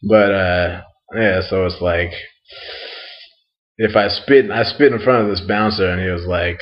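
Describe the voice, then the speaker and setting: A man's voice: deep voice, steady tone, a little slow, muffled recording. Rambling crude young American guy. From United States. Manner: crude, laughs often, fillers like "like" and "um". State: tipsy after a night out. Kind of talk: casual rambling monologue.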